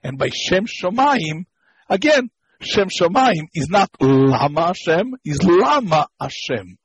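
A man's voice: fairly high pitch, breathy edge, low-quality recording. A man teaching a lesson on Hebrew grammar. He explains step by step, repeats key points, and stops to search for words. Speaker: Torah teacher.

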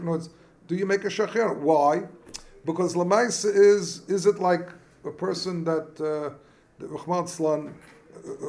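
Man, high voice, informal Talmud lecture, halting and repetitive, rhetorical questions, faint hiss. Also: creaky, darkish tone. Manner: halting, repeats words, asks rhetorical questions; mixes Yiddish-Hebrew study terms into speech. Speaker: rabbi teaching Talmud class.

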